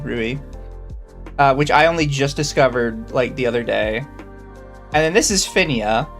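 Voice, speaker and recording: Blunt, dry podcast host with music. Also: mid-range voice. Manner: blunt, swears, dry asides. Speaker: podcast host reading chat. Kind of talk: casual chat. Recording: soft background music under the talk.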